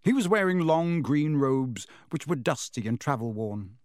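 A man narrating a children's fantasy story aloud in a steady, expressive reading voice. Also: medium pitch, unhurried, no echo, studio quality. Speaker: audiobook reader.

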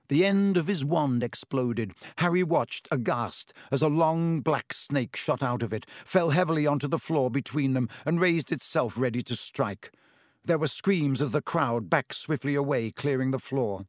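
A man narrates a scripted audiobook in a steady, measured storytelling manner. His medium-pitched voice is recorded dry, with no echo.

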